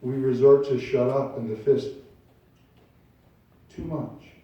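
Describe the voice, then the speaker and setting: A man's voice: mid-range voice, steady tone, slow pace, lo-fi sound. A man preaching a sermon as pastor, acting out little scenes as he tells stories. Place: church sanctuary. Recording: very echoey room, distant from the mic.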